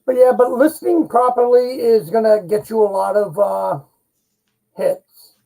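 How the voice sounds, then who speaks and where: A man with a high voice and a gravelly edge, giving folksy, relaxed advice on a casual live stream. His tone is mellow and dark despite the high pitch. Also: a little slow, poor audio. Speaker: co-host.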